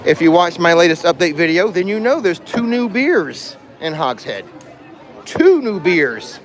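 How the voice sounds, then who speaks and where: A man's voice: sits high, very animated, measured pace. A man hosting a casual livestream while walking through a theme park, joking and laughing at his own jokes. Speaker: livestream host. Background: music and crowd in the background.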